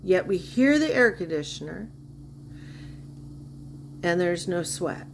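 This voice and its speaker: A woman's voice: on the low side, sing-song, takes it slowly, gravelly, noisy background. A woman giving sarcastic, mocking reaction commentary on a livestream clip.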